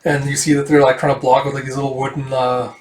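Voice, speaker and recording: A man's voice: mid-range voice, level tone, fast talker. Rambling man reading a comic aloud. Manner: rambling, many fillers, acts out dialogue. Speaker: manga reader. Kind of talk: casual read-through of a comic. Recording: echoey room, distant mic.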